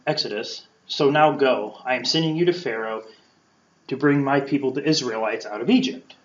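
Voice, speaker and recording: A man at a middle pitch gives a relaxed Bible talk and slips into playful voices for the people in the story. The sound is roomy and a bit dull, like a lo-fi room recording. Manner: conversational, acts out quotes playfully. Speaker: podcast host teaching scripture. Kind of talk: casual Bible teaching.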